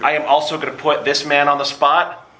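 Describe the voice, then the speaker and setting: A man hosting a live podcast at a convention, joking and plugging shows quickly with casual profanity. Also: fairly high pitch, little pitch movement. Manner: joking, rapid plugs with profanity. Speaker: podcast host. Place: convention room with audience. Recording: live room recording with background noise.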